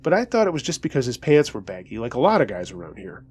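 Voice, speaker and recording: A man's voice: mid-range voice, wildly swooping pitch, fast, a little mellow, husky. A man narrating a first-person scary story in a conversational, tense way.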